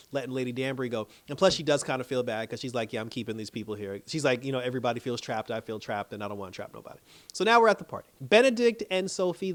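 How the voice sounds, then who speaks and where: A man casually recapping a drama episode. He swears freely, laughs often and acts out the characters' lines in playful voices. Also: mid-range voice. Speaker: TV show reviewer.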